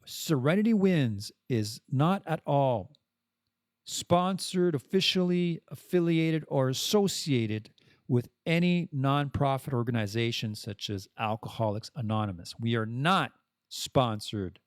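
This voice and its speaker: A man from Canada hosting a casual podcast monologue, rambling and self-deprecating, with animated swings in his voice. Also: medium pitch, measured pace, no room sound, studio quality. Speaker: podcast host.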